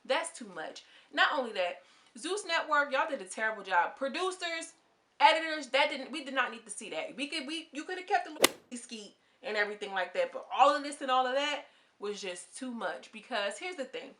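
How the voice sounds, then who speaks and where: Vlogger, young woman, bright forceful tone, blunt slangy reality-show commentary. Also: sits high, animated, a little fast, a little hiss or hum. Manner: candid, slangy, opinionated, goes off on tangents. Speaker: reality TV reviewer. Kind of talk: casual commentary vlog.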